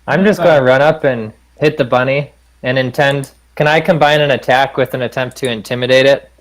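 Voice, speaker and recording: A man declares his moves in a tabletop game in a casual, matter-of-fact way. His voice sits at a middle pitch. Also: steady tone, brisk, low-quality recording. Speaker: player.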